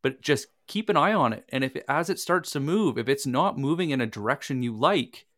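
A man co-presents a casual workshop in a voice of middle pitch. He explains calmly and steadily, with some restarts. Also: brisk.

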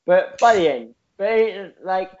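Rambling, swearing podcast co-host. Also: male voice, sits high, lively intonation, a little slow, highs cut off. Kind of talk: casual chat.

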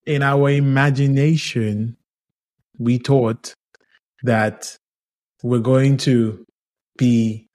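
A man co-hosting a podcast in casual chat, telling stories in a teasing, animated way. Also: mid-range voice, very slow, long pauses. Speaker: podcast co-host.

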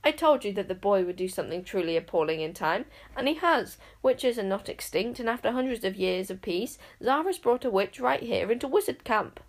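A woman's voice: mid-range voice, animated, fairly quick, few pauses. A woman voicing a smug, know-it-all male wizard in an audiobook reading. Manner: triumphant, self-satisfied. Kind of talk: audiobook character voice.

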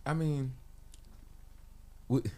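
A man's voice: mid-range voice, fairly even intonation, mellow. A man hosting a morning radio show, chatting casually with a guest and laughing often. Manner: laughs a lot, drawn-out reactions. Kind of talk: casual chat.

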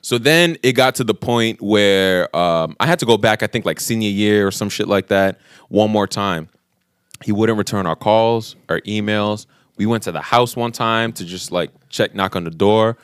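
A man's voice: on the low side, normal speed, clear, resonant tone, no echo, clean studio sound. A man in his thirties from the New York area, co-hosting a podcast and telling a long story with swearing and acted-out quotes. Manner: animated, swearing, acts out quotes. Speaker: podcast co-host. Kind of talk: casual storytelling chat.

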